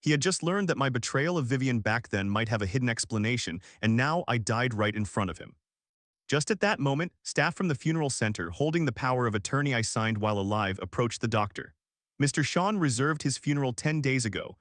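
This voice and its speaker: A man narrating an emotional story in first person, steady and earnest. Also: medium pitch, brisk, no room sound, studio quality.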